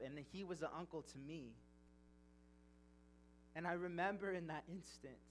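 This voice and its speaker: Earnest young male preacher, slightly high. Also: slight background noise. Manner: earnest, emotional, reading scripture then storytelling. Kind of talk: sermon with personal testimony.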